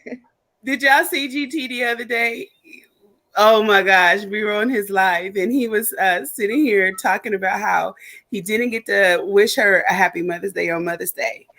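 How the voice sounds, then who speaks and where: A woman's voice: mid-range voice, moderate pace, fairly bright tone. A woman co-hosting a live stream, joking and teasing in casual banter. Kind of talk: casual chat.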